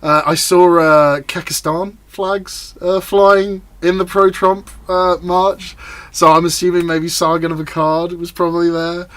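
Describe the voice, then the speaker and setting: A man talks through the news in a loose, rambling way, full of fillers and restarts. His voice sits a little high and sounds bright and forward. It is a casual podcast chat between friends. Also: little pitch movement, unhurried, no echo. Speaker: podcast co-host.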